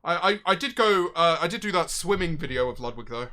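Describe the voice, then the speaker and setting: A young man telling a story casually as a streamer, animated, swearing often, with loud bursts of excitement. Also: a little high, a little fast. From Britain.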